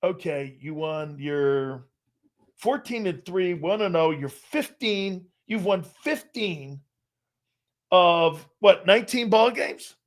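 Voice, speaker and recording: A man hosts a live football talk show, riffing and laughing with profane banter. His voice sits high and leaps around in pitch. He talks at a slow, drawn-out pace. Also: expressive. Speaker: sports talk show host.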